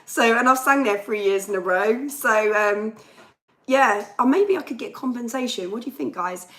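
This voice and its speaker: A woman's voice: a little high, animated, normal speed, fairly bright tone, rough recording. A young woman hosting a casual livestream and ranting to viewers, her voice chesty and worn. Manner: chatty, ranting, reads viewer comments aloud. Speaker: livestream host and singer. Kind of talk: casual live chat with viewers.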